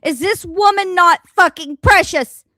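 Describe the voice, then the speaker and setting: A woman hosting a reaction livestream, talking in a blunt, animated and profane way about the clips she plays. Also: extremely high pitch, unhurried, no echo, clean studio sound. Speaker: livestream host. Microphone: home streaming mic.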